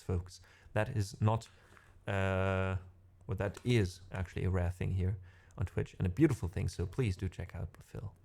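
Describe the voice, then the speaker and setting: Here a middle-aged man with a German accent, a musician, chats casually with viewers on his stream and rambles through many fillers. His voice sits on the low side with a darkish tone.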